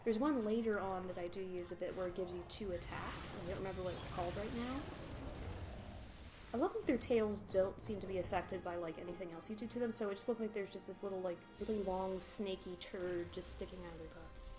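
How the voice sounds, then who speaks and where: A woman's voice: medium pitch, a little fast, over music. A woman giving casual, rambling, sarcastic commentary over a video game playthrough, laughing often. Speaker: let's play commentator.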